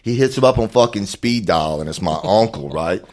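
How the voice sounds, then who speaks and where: A man, a podcast guest telling a rough story casually, swearing a lot. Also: on the low side, normal speed. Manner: swears a lot, animated retelling.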